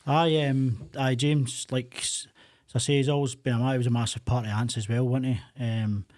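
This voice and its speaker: A man chatting as a guest, teasing in a dry, halting way. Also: medium pitch, fairly even intonation, a little mellow, no echo. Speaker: podcast guest. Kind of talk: casual chat.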